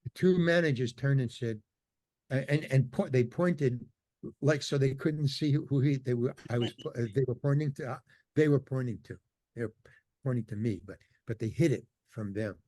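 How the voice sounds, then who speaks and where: Older male guest, animated storyteller, dry studio sound. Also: medium pitch, normal speed, dry recording. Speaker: podcast guest. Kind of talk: casual storytelling interview.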